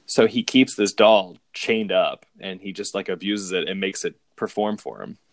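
Casting: low-voiced man, easygoing co-host, dry close sound. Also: normal speed, no room sound. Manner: rambling, amused, with frequent restarts and laughs. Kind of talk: casual chat recapping movies.

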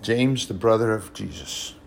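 A man's voice: fairly low pitch, unhurried, gravelly, a little hiss or hum. Man preaching with big swings. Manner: dynamic, swings from hushed to loud and emphatic; storytelling, personal anecdotes. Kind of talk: sermon.

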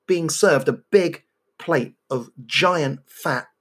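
A man's voice: on the high side, slow, a bit bright, slightly rough. A man co-hosting a podcast, bantering casually and telling cheeky, crude jokes that he laughs at himself. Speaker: podcast co-host.

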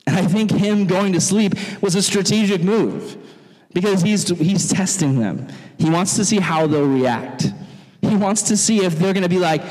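A man preaching to young people as their pastor, animated and jokey, acting out quotes in funny voices. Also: high-pitched, moderate pace. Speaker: youth pastor. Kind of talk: sermon. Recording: long hall reverb.

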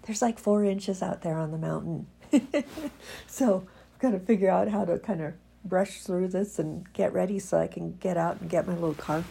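A woman's voice: lowish voice, normal speed, gravelly, slightly rough. A woman with a congested, stuffy voice chats casually, then reads her own reflective piece in an earnest way. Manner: warm, earnest, chuckles often. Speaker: vlogger reading her own writing.

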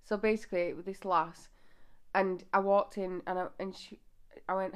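A woman's voice: medium pitch, level tone, moderate pace, smooth. A woman co-hosting a casual couple podcast, rambling and self-conscious, often laughing at herself. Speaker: podcast co-host.

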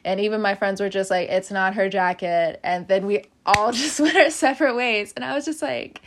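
A young woman hosting a podcast, telling a story in a casual, animated way, laughing often and acting out what other people said. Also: medium pitch, brisk, noisy background. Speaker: podcast host.

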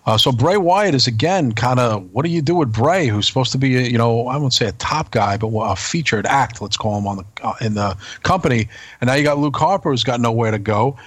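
A man's voice: medium pitch, animated, a little fast, breathy edge, no room sound. Rambling male podcast co-host, dry sound. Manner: rambling, asks many questions. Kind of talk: casual podcast chat.

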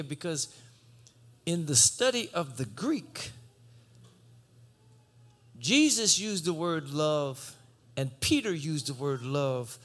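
A man preaching a sermon, swinging from shouted exhortation to low conversational teaching. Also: animated, slow pace, pauses often, soft background music.

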